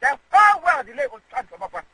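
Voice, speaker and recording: A man's voice: very high voice, very animated, quick pace, pushed and bright, poor audio. A man with a Ghanaian accent, a guest in an interview, who rambles and repeats words. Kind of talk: conversational interview.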